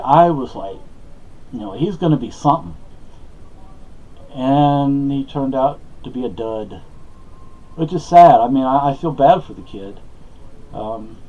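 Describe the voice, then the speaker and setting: Casual vlogger, man, mid-pitched, hesitant and rambling, muffled home recording. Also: warm tone. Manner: rambling, hesitant, many fillers and restarts.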